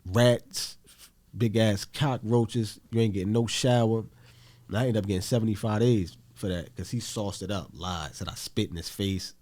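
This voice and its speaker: Low mellow-voiced man telling a story. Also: steady tone, moderate pace. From Newark, New Jersey. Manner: blunt, profane, acts out quoted voices. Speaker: podcast guest. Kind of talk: casual storytelling.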